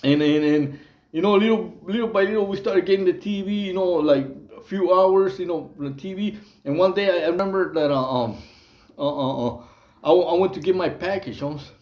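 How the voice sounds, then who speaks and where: A man's voice: sits high, normal speed, roomy sound, highs cut off. Rambling man telling stories. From Mexico. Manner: rambling, many fillers and restarts, prison slang. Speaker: channel host telling prison stories. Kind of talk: casual storytelling monologue.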